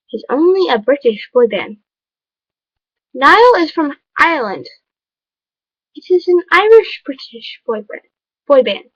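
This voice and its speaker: A woman's voice: high voice, no echo, low-quality recording. A woman vlogger talking to camera in an emphatic, lecturing, chatty way. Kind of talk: casual vlog monologue.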